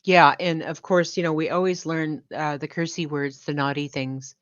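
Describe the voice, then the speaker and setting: Low voiced woman rambling slow, dry kinda muffled mic. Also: level tone, dry recording. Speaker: guest. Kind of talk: casual chat.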